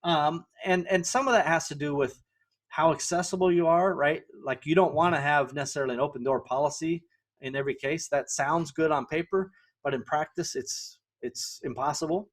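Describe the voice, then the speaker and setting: Middle-aged man with a fairly high voice. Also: normal speed. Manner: conversational, keeps asking "right?" to the listener; self-correcting, with fillers and restarts. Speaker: podcast host. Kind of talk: solo business lesson.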